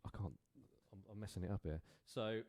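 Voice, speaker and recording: A man's voice: on the low side, a little fast, darkish tone, dry recording, studio quality. A man with an English accent teaching a drum lesson, counting beats aloud and explaining casually with fillers. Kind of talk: live-streamed drum lesson. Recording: drum kit playing in the background.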